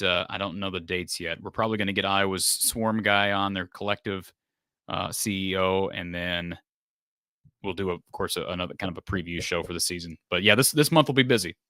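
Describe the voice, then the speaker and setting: A man's voice: low voice, normal speed, sharp tone, no room sound, clean studio sound. A man hosting a live call-in sports show, chatting loosely and thinking aloud with plenty of fillers. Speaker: show host.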